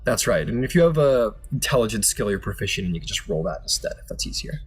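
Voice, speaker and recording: A man's voice: on the low side, big pitch swings, fast talker, breathy edge. A man running a tabletop game as game master, narrating in a loose, chatty way with laughs.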